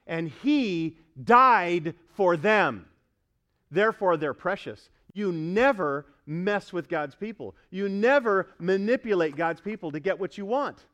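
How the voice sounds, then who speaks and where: A man's voice: high voice, lively intonation, moderate pace, a bit bright. A male pastor preaching a sermon at a church service, emphatic and quizzing the congregation with questions.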